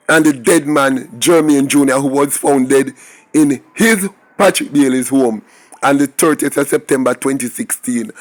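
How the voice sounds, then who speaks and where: A man with a Jamaican accent giving opinionated crime commentary, talking straight to his viewers and firing off rhetorical questions. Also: medium pitch. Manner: emphatic, rhetorical questions, talks to viewers directly.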